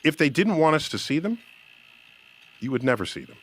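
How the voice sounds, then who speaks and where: Animated man reasoning aloud. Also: on the high side, a little fast. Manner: reasoning aloud, emphatic and repeating himself while arguing. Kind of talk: spoken debate.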